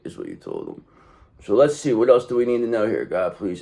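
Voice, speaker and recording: A man's voice: big pitch swings, moderate pace, vocal fry. Emphatic, profane male tarot reader. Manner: emphatic and profane, streetwise talk; swings between loud bursts and low asides. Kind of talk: casual spoken tarot reading.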